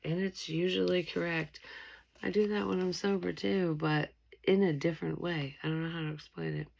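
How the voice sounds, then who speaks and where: A woman's voice: lowish voice, fairly even intonation, normal speed, creaky, a little mellow. A woman doing a casual, tipsy tarot reading, loose, giggly and swearing freely. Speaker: tarot reader.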